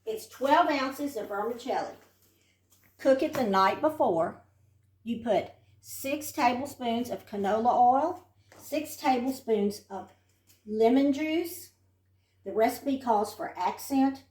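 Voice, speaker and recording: A woman's voice: a little high, lively intonation, measured pace, darkish tone. An older woman from Texas giving a chatty, homey tour of her house and showing a recipe in her kitchen. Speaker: home cook and host. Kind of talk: casual home tour and cooking demo. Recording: roomy sound from off-mic.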